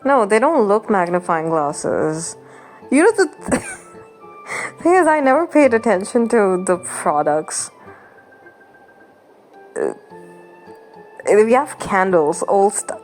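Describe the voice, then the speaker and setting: A woman's voice: mid-range voice, sing-song, slow, long pauses, darkish tone. A young woman hosting a game channel, chatting casually and rambling while she plays, laughing often and sounding mock-exasperated. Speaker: gaming channel host. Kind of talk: casual gameplay commentary. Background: game music.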